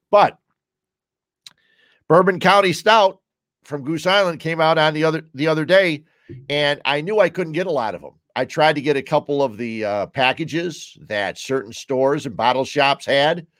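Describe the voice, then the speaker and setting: Man, chicago-area american accent, casual rambling host, medium pitch, dry close sound. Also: moderate pace, a bit bright, no room sound. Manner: rambling, chatty, drifts between topics. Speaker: podcast host. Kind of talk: casual solo chat while drinking beer.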